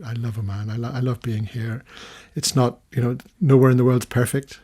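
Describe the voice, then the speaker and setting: An older man from the United Kingdom speaking as a radio interview guest, his voice husky and middle-pitched. He tells stories at length, growing animated, with frequent restarts as he searches for words. Recorded on a studio microphone. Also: a little fast. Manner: storytelling, animated when recounting, many restarts. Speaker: interview guest, retired documentary filmmaker. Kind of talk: long-form radio interview.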